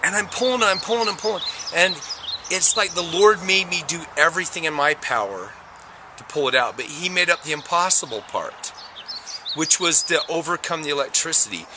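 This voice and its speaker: A man's voice: a little high, animated, a little fast, noisy background. A middle-aged man telling a personal story with drama, acting out voices and sound effects. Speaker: storyteller recounting a near-death experience.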